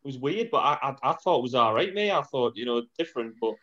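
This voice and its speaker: Quick-talking man on a dull lo-fi line. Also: mid-range voice, expressive, bright, forceful tone. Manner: quick, conversational, says "aye" and "mate". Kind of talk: casual football chat.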